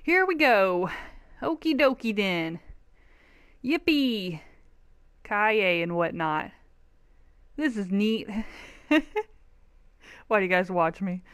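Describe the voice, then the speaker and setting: A woman's voice: medium pitch, very animated, slow, pauses often, a bit bright, smooth, no echo. Bubbly girl doing lets play commentary, laughs at herself a lot. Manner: bubbly, giggly and self-mocking. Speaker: gaming youtuber. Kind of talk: casual gameplay commentary.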